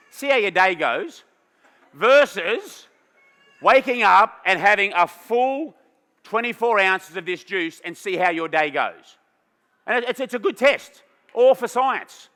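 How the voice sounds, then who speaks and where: In a large, reverberant hall, a middle-aged man with a high, pushed, bright voice gives a playful live juicing demo. He jokes with the audience and directs volunteer helpers on stage.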